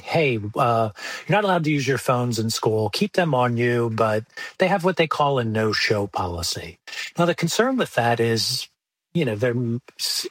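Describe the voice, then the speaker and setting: Husky-voiced male professor explaining research. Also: medium pitch, a bit bright, dry recording. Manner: measured, precise academic explanation with fillers.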